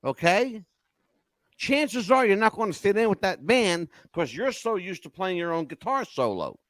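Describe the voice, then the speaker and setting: An older man hosting a podcast, telling stories in a lively, emotional casual chat. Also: high voice, moderate pace, no room sound. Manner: animated storyteller, emotional swings. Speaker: podcast host.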